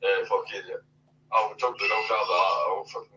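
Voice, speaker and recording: A man's voice: on the low side, level tone, normal speed, sharp tone, distant mic, lo-fi sound, slight background noise. A man talking casually with a friend on a call. He mumbles and swears freely. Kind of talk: casual chat.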